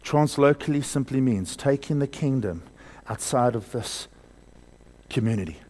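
A man preaching a sermon, swinging between loud emphasis and hushed, slowed lines, asking the congregation questions and having them repeat words. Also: mid-range voice, expressive.

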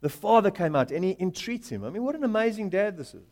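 A man with a high voice delivers a sermon. He builds to loud, emphatic runs of questions and answers, and slips into the voices of the characters in the story he is telling. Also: big pitch swings, quick pace. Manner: rising to loud emphatic call-and-response; acts out Bible characters in quoted voices. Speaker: pastor.

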